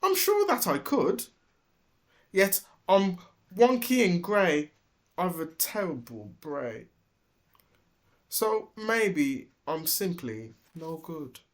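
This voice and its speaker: Storybook donkey voiced by a man: old, small and wonky, high wailing voice, loud brays. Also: very animated, slow, pauses often, full character voice. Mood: despairing. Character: small old wonky female donkey, earnest, easily discouraged.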